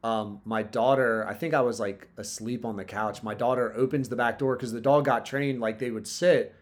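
A man's voice: medium pitch, steady tone, moderate pace. A man in casual chat, telling a story in a laid-back way, swearing often and leaning on "like" and "dude".

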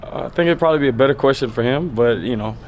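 A man in his thirties, a pro football player, answering reporters at a press conference in a loose, relaxed way, full of "you know" fillers. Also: medium pitch, rapid-fire, slight background noise.

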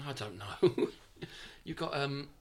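This man speaks in a mid-range, expressive voice and takes his time. He's a podcast co-host in a casual film discussion, animatedly picking apart the movie's logic and asking rhetorical questions.

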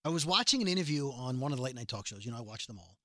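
A man from New York City with a New York accent, co-hosting a casual chat show and acting out people in quick asides. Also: medium pitch, lively intonation, bright, forceful tone, dry recording. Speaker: podcast co-host.

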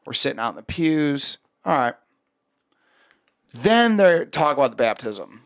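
A man telling a story in casual, profane chat, animated and swearing often. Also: mid-range voice, a little slow, no echo, clean studio sound.

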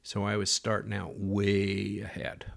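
A man's voice: lowish voice, completely flat delivery, measured pace, gravelly. A middle-aged man telling a story in a rambling, conversational way, full of fillers and acted-out quotes. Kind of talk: casual spoken storytelling.

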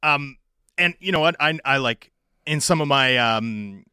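A man's voice: mid-range voice, lively intonation, measured pace, sharp tone, smooth, no echo, studio quality. A man co-hosting a casual sports podcast, chatty, stumbling over restarts and fillers. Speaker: podcast co-host.

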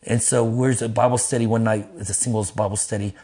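A middle-aged pastor tells his life story in an interview, speaking quickly in a lively, casual way. He laughs, curses freely, and acts out quotes in a raised, high voice.

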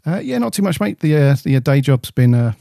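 A man's voice: fairly high pitch, very animated, quick pace, creaky, mellow, no echo. A man co-hosting a podcast in casual, laid-back chat with plenty of fillers, on a studio mic. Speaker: podcast co-host.

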